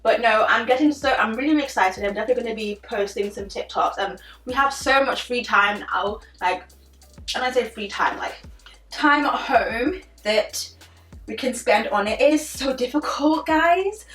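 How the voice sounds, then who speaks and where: A young woman chatting casually in a vlog, animated and full of "like" fillers. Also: a little high, normal speed. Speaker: beauty vlogger. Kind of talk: casual chit-chat vlog. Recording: roomy sound, a little distant from the mic, faint music behind.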